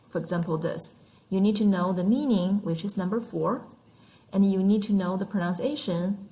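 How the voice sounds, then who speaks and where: A woman's voice: mid-range voice, mellow, poor audio. A woman teaching numbers and tones in an online lesson, patient and demonstrating each sound aloud. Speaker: Mandarin teacher.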